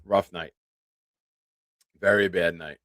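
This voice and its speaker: A man in his forties hosts a live fan show with a lowish voice, talking in a relaxed, self-deprecating way. He chats straight to viewers. The mic sounds close and dry. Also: slow, no echo. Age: 40s. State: nursing a swollen tooth. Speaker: podcast host. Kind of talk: casual live-stream chat.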